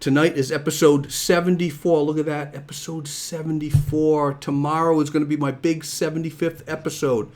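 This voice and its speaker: A man's voice: a little high, level tone, normal speed, hardly any pauses, a little mellow. A man hosting his own live show from home, chatting casually and upbeat, a little out of breath, repeating himself as he goes. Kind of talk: casual live-stream chat.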